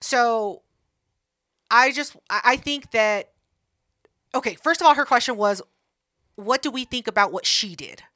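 A woman co-hosting a casual podcast, blunt and profane in quick banter. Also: a little high, sharp tone, dry recording, clean studio sound. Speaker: podcast co-host.

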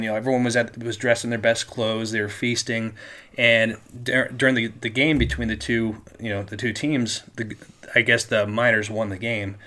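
A man's voice: lowish voice, sharp tone. A man co-hosting a podcast, telling a history story in a casual, rambling way, with many restarts. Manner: rambling with frequent restarts and laughs. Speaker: podcast co-host.

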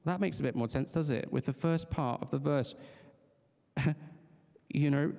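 A man's voice: medium pitch, moderate pace, creaky, darkish tone. A man preaching a sermon in a conversational, earnest way, restarting phrases and laughing lightly as he talks. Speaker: pastor. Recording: long reverb of a large hall.

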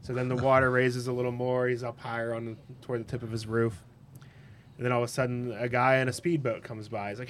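Brief: male co-host, mid pitch, blunt, faint background hum. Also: little pitch movement, fast. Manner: blunt opinions, storytelling with voices. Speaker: podcast co-host. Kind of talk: casual chat.

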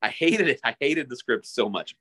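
Animated man in casual podcast chat. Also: mid-range voice, moderate pace. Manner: animated, mocking quotes in an exaggerated voice. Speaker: podcast co-host.

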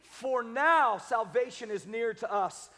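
A male pastor preaching a sermon, leading the congregation to repeat words and swinging between loud exhortation and hushed intensity. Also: very high voice, measured pace, in a large hall. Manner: leads congregation call-and-response.

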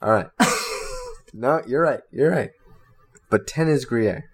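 A man co-hosting a casual podcast, easygoing and agreeable, calmly weighing his points. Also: mid-range voice, slow. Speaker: podcast co-host. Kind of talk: casual chat.

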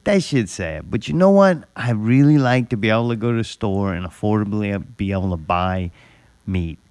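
Joking man with a lively voice. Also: on the low side, normal speed, dry recording. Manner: rambling, joking, swears a lot. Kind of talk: casual crude chat.

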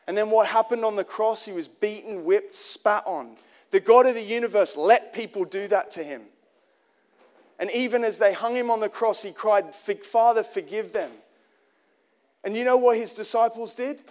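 A high-voiced man delivers a sermon in an earnest, conversational style. He often restarts phrases and puts direct questions to the congregation.

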